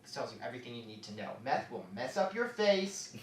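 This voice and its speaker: A man performing a stand-up comedy set on a club stage, with quick asides as he moves between jokes. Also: medium pitch, a little hiss or hum. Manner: lively, joke-driven, quick asides. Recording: echoey club from far off.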